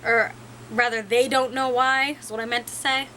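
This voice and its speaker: Bright, high-voiced young woman. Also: steady tone, moderate pace, slight background noise, low-quality recording. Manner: rambling, frank, laughs at herself. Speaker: vlogger. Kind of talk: casual talk to camera.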